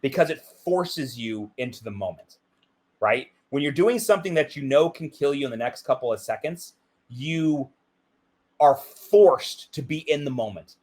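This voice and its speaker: A man's voice: mid-range voice, expressive, moderate pace, darkish tone. A middle-aged man giving an interview, talking intensely and emphatically, often checking in with "right?". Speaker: interview guest, BASE jumper. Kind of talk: reflective interview talk.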